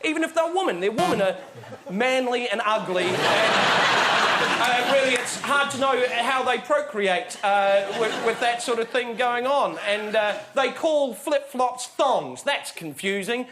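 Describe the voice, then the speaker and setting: A man ranting in a comic debate, excitable and rambling, with mock outrage. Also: extremely high pitch, unhurried, heavy background noise. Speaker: comedy panellist. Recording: studio audience laughing throughout.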